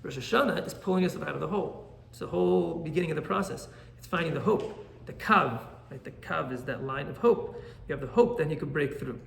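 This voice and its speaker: A man, a rabbi, teaching an animated Torah class and often checking in with "right?". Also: on the high side, vocal fry, echoey room, a little hiss or hum.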